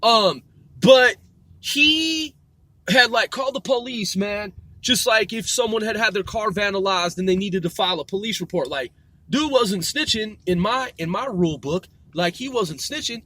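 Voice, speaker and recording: His voice is high, animated, pushed and bright, moving at a normal speed, and the recording is dry. He's a podcast host in his forties, ranting casually as he drives a moving car, swearing heavily and correcting himself, captured on a mobile recording.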